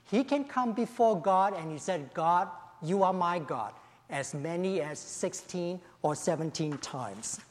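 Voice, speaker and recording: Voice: medium pitch, expressive, a little slow. An emphatic pastor preaching a sermon after an opening prayer. The speaker hammers home key phrases by repeating them and leans on "you know" between thoughts. The voice rings out with a long reverb tail, as in a large church hall.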